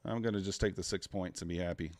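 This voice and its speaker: A man's voice: deep voice, fairly even intonation, fast, no echo. A man trading futures live on a stream, talking to himself and to the chat, groaning at each loss and muttering over the charts. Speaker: live-streaming day trader.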